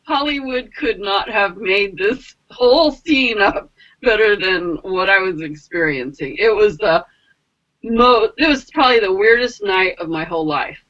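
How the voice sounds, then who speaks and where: Woman rambling thru a story, lots of like and you know, bright voice, kinda muffled lo-fi sound. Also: measured pace. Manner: animated, acts out quotes with big pitch jumps. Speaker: spiritual mentor and energy healer. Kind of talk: casual personal storytelling.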